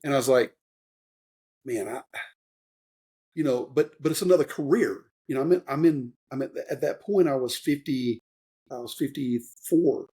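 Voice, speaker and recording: Brisk and dark in tone, the mid-range voice belongs to a fifty-something retired Army warrant officer recounting his story in an interview. He talks loosely and earnestly, showing emotion, stumbling into fillers and restarts.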